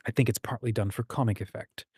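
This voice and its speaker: A man's voice: mid-range voice, fairly even intonation, quick pace, a little mellow, husky, no echo, studio quality. A man hosting a casual livestream about writing, reading out viewer comments and musing aloud with frequent ums and restarts. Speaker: host.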